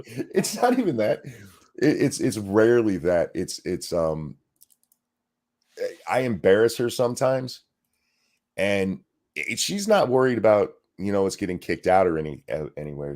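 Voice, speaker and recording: A man's voice: fairly low pitch, measured pace, pauses often. A middle-aged man co-hosting a live stream, reading donations and joking in a profane, rambling way. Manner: animated, profane, jokey, with restarts. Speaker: co-host of a live stream show.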